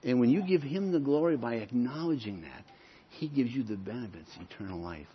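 A man preaching a sermon, moving between loud, emphatic points and quieter storytelling. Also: mid-range voice, expressive, a little fast, slightly rough, lo-fi sound. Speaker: pastor.

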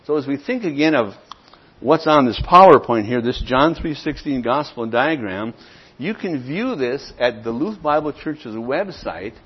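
A man's voice: medium pitch, husky, lo-fi sound. A man teaching a church class on sharing the gospel, plainspoken and acting out both sides of sample conversations. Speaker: church evangelism trainer.

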